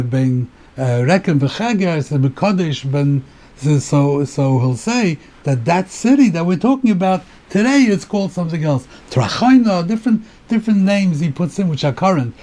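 A man's voice: on the high side, warm tone. Man lecturing, mixing Hebrew terms. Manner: halting, repeats words while thinking; mixes Hebrew terms into English. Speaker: rabbi teaching Torah. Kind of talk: Torah lecture.

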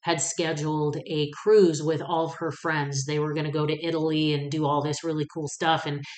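Female podcast host, low-ish voice, candid and salty, animated storyteller, roomy echo on the recording. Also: normal speed. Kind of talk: casual personal monologue. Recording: echoey room.

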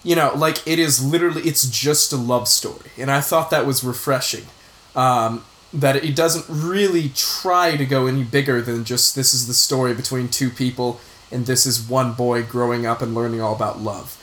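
A man's voice: mid-range voice, steady tone, moderate pace, a bit bright. A man, a returning guest on a film review podcast, talking in an easygoing way with many fillers and repeated words. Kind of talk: casual film review chat. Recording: roomy echo.

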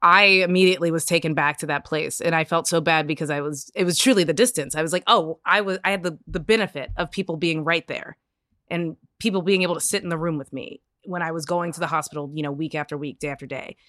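A woman in casual conversation, telling animated stories, laughing often and acting out what people said. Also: low voice, quick pace, no room sound, studio quality. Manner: animated storyteller, laughs often, acts out quotes. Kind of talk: casual chat.

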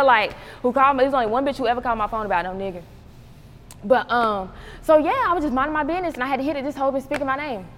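Young woman rapper spilling a story, kinda high voice, lots of laughing, faint room hiss. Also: quick pace. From North Carolina. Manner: animated storytelling, acts out quotes, laughs a lot. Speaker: rapper, interview guest. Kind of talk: casual interview chat. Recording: roomy hall with faint noise.

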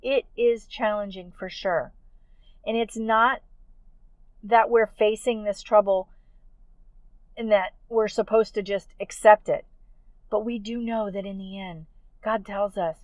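A woman hosting a faith-based podcast for educators, speaking in a gentle, earnest, pastoral way. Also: mid-range voice, fairly even intonation, a little slow, pauses often, no room sound, dull audio. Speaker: podcast host.

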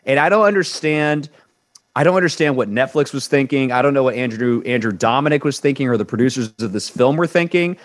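A man's voice: medium pitch, fairly quick. A man of Cuban descent co-hosting an entertainment news show, giving a blunt, emphatic opinion and often repeating words as he builds his point. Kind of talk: opinionated co-host chat.

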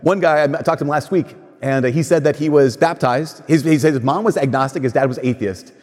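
A man's voice: fairly high pitch, a little fast, a little mellow. Man preaching a casual sermon. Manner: conversational storytelling, acts out quoted voices. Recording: long church reverb.

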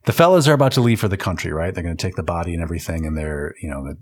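A man's voice: sits low, racing, slightly rough. A man co-hosting a casual film podcast, recapping the plot with jokes, swearing and frequent laughter. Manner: joking, profane, laughs often while recapping. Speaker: podcast co-host.

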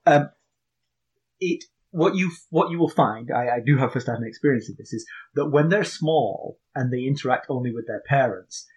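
English man, podcast co-host, dry teasing humor, husky voice, casual chat. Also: medium pitch, moderate pace. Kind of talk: casual chat and book recap.

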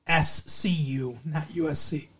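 A man's voice: on the high side, steady tone, measured pace, breathy edge. A man co-hosting a podcast, chatting casually about a TV episode and acting out lines in silly voices. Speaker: podcast co-host. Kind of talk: casual chat recapping a TV episode.

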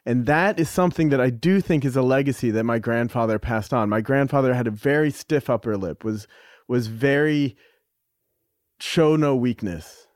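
A middle-aged man, a podcast guest, talking candidly and thoughtfully, with halting restarts and the odd swear word. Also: medium pitch, no echo, clean studio sound. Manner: reflective, halting, with frequent restarts and casual swearing. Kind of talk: candid conversational storytelling.

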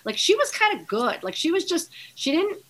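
A woman's voice: extremely high pitch, sing-song, normal speed, fairly bright tone. A middle-aged woman chatting as a podcast guest, rambling with lots of fillers and restarts. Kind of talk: casual chat.

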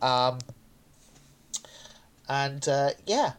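A man's voice: medium pitch, lively intonation, drawn-out words, slight background noise. A man chatting on a podcast, rambling with many restarts as he enthuses. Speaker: podcast co-host. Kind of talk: casual podcast chat.

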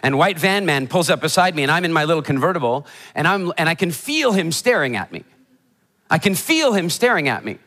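A motivational speaker telling funny stories in a keynote talk before a live audience, animated and acting out the voices of people in his stories. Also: on the high side, brisk. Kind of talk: humorous storytelling keynote talk. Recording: hall reverb of a live talk.

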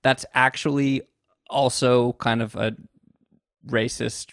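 A man hosting a casual discussion, talking in a thoughtful, measured way with frequent restarts. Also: mid-range voice, little pitch movement, gravelly, fairly bright tone, no echo, studio quality.

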